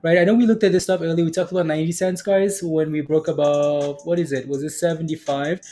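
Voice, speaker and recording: Male host, relaxed market chat, tag questions, music bed. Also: fairly high pitch, quick pace. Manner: laid-back, laughs a lot, asks for confirmation with "right?". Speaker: stock market livestream host. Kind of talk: casual live market chat.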